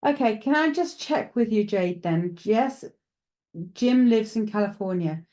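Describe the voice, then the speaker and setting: A woman giving a live psychic reading. She chats with her viewers and thinks out loud as she works. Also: a little high, expressive, measured pace. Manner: chatty, thinks aloud, addresses viewers directly; hesitant, with frequent restarts while working things out. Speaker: psychic medium. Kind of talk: live streamed mediumship reading.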